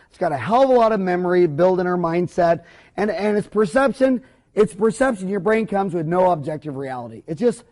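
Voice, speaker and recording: Blunt, animated man lecturing a seminar. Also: high voice. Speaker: dentist lecturer.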